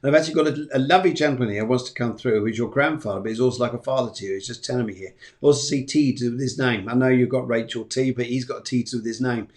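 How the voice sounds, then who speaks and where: A man hosting a live stream of psychic readings, talking in a loose, rambling way. He repeats himself often and keeps a reassuring tone. His voice sits at an ordinary middle pitch. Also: fast talker, few pauses, a little mellow. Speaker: psychic medium.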